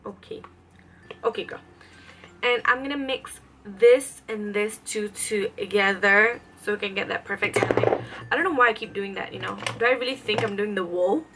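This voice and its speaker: A woman's voice: medium pitch, normal speed, a little hiss or hum, low-quality recording. A young woman vlogging a makeup tutorial, rambling chattily with lots of fillers between steps. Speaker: beauty vlogger. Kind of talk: casual makeup tutorial chat.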